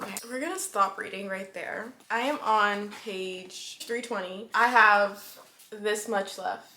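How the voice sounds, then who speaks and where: A woman's voice: mid-range voice, unhurried. A young woman chatting casually in a reading vlog, gushing and chatty, with lots of "like.". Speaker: book vlogger. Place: home room at night. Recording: echoey room, faint music.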